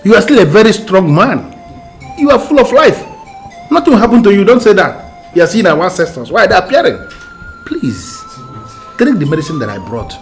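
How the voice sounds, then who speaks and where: Casting: a pleading Nigerian uncle, lively rising-and-falling voice, soft music beneath. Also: male voice, high-pitched, a little fast, pauses often. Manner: pleading, insistent. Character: pleading younger brother, urgent and persuasive. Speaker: actor in a film drama.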